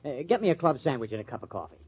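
An actor playing a glib, fast-talking press agent in a 1940s radio drama. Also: male voice, medium pitch, very animated, slightly rough. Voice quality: glib, coaxing. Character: breezy, fast-talking male press agent, young adult. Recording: muffled old radio recording.

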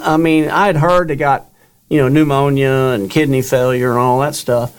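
A man's voice: mid-range voice, fairly even intonation, moderate pace, clear, resonant tone. An older man, a guest author, telling his own story in an interview and acting out the dialogue he quotes.

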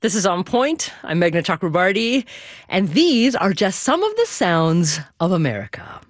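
Expressive woman hosting a radio talk show. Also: fairly low pitch, normal speed. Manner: expressive, articulate. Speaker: radio host. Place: studio.

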